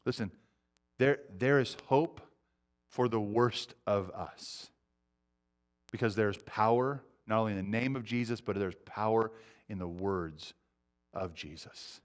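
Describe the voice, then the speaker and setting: A middle-aged man preaching a sermon, earnest, swinging between loud urgency and quiet intensity. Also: on the low side, normal speed. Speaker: pastor.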